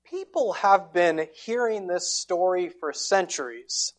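Slow, low-voiced woman preaching a sermon. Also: animated. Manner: dramatic storytelling, swings between loud and hushed.

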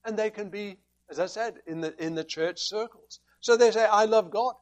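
Man, preacher, high-pitched voice, emphatic sermon, rhetorical questions. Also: normal speed, a little mellow.

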